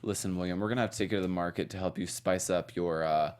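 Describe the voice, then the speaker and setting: A man's voice: low voice, fairly even intonation, quick pace, darkish tone, clean tone. A man co-hosting a casual after-show, recapping an episode with campy, playful banter.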